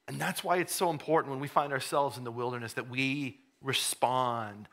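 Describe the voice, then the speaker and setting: A man preaching a sermon, conversational, repeating words as he goes, then rising to fervent emphasis and dropping to a hush. He says he has a cold. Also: medium pitch, steady tone, moderate pace, hardly any pauses. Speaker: pastor.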